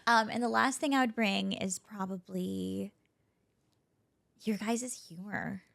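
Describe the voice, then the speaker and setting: Gravelly-voiced American woman. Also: medium pitch, fairly even intonation, slow, a bit bright. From California. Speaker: podcast guest. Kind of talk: casual chat.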